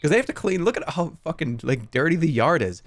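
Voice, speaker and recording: A man's voice: on the high side, big pitch swings, a little fast. A man hosting a livestream game contest, chatting casually and jokily with plenty of swearing and laughter. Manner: jokey, profane, laughs often.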